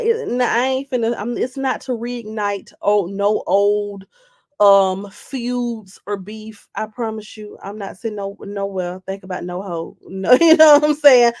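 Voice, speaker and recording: A woman's voice: mid-range voice, darkish tone. A young woman with a cold, chatting casually and animatedly to viewers on a live stream, repeating phrases and greeting people by name. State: has a cold. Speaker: YouTuber live-streaming to her audience.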